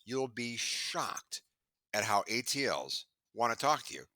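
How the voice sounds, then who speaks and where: A middle-aged man on a video call chatting in an interview, telling stories with lively acted-out quotes. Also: mid-range voice, unhurried, no echo. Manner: animated storyteller, acts out quoted voices. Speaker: sales trainer and podcast guest. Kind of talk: casual interview chat.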